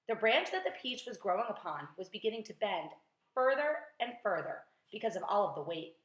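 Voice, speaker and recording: A woman teacher reading a children's book aloud with lively, expressive storytelling. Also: medium pitch, fairly quick, a little hiss or hum. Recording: roomy echo.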